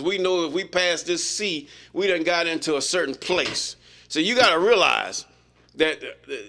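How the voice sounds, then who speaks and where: Man, Bible teacher, informal study, folksy, emphatic, forceful voice, fairly high. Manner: folksy and emphatic, reads verses then comments freely.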